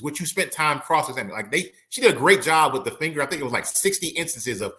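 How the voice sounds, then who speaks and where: A man's voice: fairly high pitch, expressive, quick pace, few pauses, pushed and bright. A man, an attorney and guest, analyzing a trial in casual conversation, acting out courtroom quotes with slangy asides. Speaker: criminal and appellate attorney, guest. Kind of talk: casual legal analysis chat.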